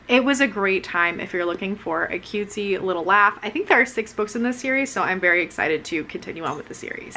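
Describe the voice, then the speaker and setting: Young woman vlogger, bubbly and giggly, bright crisp tone, slightly tired voice, faint hum behind her. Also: mid-range voice. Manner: bubbly, lots of fillers and giggles. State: voice wearing out. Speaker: author vlogger. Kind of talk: casual chat. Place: living room. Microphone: camera mic.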